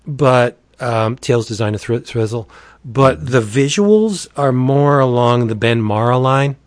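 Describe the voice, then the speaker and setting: A man in casual talk, animatedly recounting a comic with plenty of profanity and excitement. His voice sits in a middle pitch. The sound is dry and close, with no room echo. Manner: animated, enthusiastic, profane storyteller. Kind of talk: casual chat, retelling a comic.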